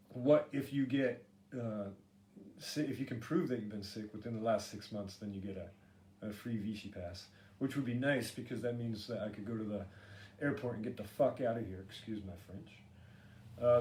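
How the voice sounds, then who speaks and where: A man's voice: lowish voice, a little mellow. A middle-aged man hosting a solo podcast, rambling with filler words, sarcastic and swearing freely. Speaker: podcast host. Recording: echoey room with faint ambient noise.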